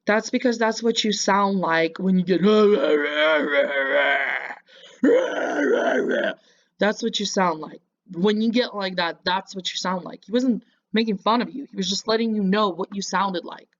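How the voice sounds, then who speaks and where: A woman's voice: mid-range voice, takes it slowly, lo-fi sound. A woman giving casual reaction commentary, mocking and lecturing the person in a clip.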